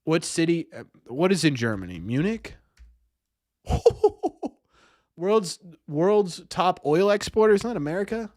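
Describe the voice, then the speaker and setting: A man's voice: fairly high pitch, expressive, moderate pace, hardly any pauses, a little mellow, no echo, studio quality. A young man streaming, thinking aloud through a quiz and mocking himself when he gets answers wrong. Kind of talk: live stream chat.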